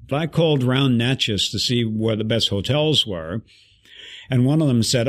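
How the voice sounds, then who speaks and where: Man, interview guest, animated storyteller, mid-pitched voice. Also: normal speed.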